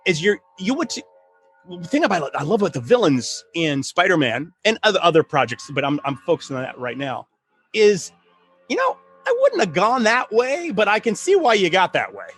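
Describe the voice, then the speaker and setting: A middle-aged man hosting a casual chat on writing, telling stories in an animated way with laughs and many restarts. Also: high voice, normal speed, soft background music. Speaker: podcast host, writing coach.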